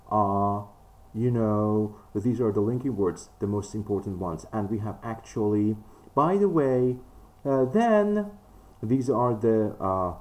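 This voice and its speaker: Low-voiced man teaching with many fillers. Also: darkish tone. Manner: frequent fillers, emphatic rises in pitch. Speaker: English test teacher. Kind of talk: spoken lesson.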